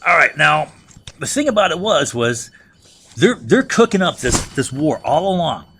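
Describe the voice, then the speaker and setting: A man's voice: fairly high pitch, very animated, moderate pace, gravelly, bright, forceful tone, a little hiss or hum. A man teaching a history lesson in a loose, conversational way. He keeps checking in with a rhetorical "right?" and often restarts or repeats words as he thinks aloud. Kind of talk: conversational lecture.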